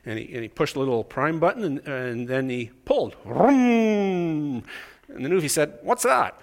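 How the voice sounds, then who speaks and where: A man's voice: medium pitch, animated, quick pace. A middle-aged man from Canada preaching a sermon in a conversational, self-deprecating way, telling stories and acting out the voices in them. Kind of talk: sermon with storytelling.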